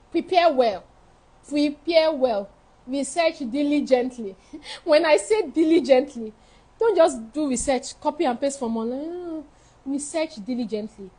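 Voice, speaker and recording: A high-pitched woman coaches students in a live advice session. She talks frankly and with emphasis, and she drives each point home by repeating it. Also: animated, a little slow, mellow, poor audio. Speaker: study-abroad counselor. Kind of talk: live advice session answering viewer questions.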